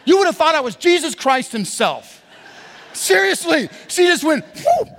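Male pastor, animated sermon storyteller, high pitch, reverberant church sanctuary. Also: normal speed, gravelly. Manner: animated storyteller, preaching with rising emphasis.

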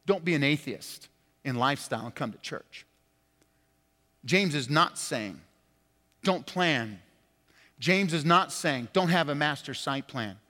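A man preaching a sermon as pastor, impassioned, swinging from loud emphatic peaks to quiet, low, stressed words. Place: church sanctuary. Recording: long hall reverb.

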